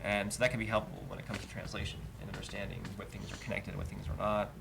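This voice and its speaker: A man with a lowish, gravelly voice talks fast and keeps his pitch fairly flat. He teaches Hebrew verse by verse, patiently explaining the cantillation marks and chanting the name of each trope aloud. The livestream carries faint background noise.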